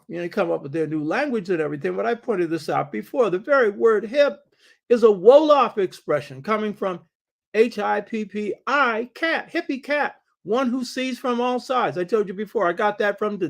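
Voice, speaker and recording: A man with a high-pitched voice and vocal fry hosts and lectures on history and culture in an emphatic, preacherly style. He hammers his points home by repeating key phrases and throwing rhetorical questions at the listener.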